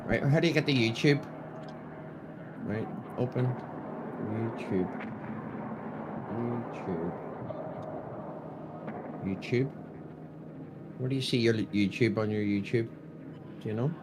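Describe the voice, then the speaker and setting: A man talks slowly and mutters to himself as he works through stream settings, swearing and joking along the way. Clear background noise sits behind his voice. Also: medium pitch. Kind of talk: casual chat while setting up a stream.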